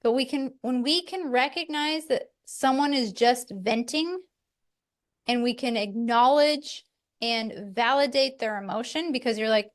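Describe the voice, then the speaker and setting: Candid middle-aged woman, slightly high voice. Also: unhurried. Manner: candid, reflective, with light laughs. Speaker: podcast host. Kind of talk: casual chat.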